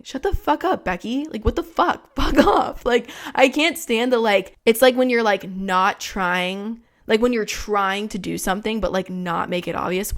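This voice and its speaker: A woman's voice: a little high, moderate pace, few pauses, a bit bright. Profane, rambling young woman podcaster. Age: 20s. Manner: frank, profane, rambling with many fillers. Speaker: podcast host. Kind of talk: casual chat.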